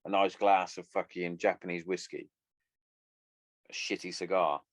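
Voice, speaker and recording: A man's voice: low-pitched, level tone, moderate pace, no echo. A man in his thirties hosting a solo podcast, rambling and swearing casually as he chats. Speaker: podcast host.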